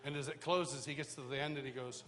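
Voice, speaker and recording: A man teaching at a worship school, telling a personal story in sermon style with animated, self-mocking humor, recorded live in a church hall. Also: medium pitch, fast. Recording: live hall reverb, faint background noise.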